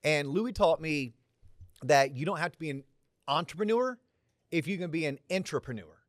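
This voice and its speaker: A man's voice: fairly high pitch, expressive, normal speed, dry recording, studio quality. A man hosting a podcast, giving motivational business advice to a college audience. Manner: motivational, conversational. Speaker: podcast host. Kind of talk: talk in front of a college audience.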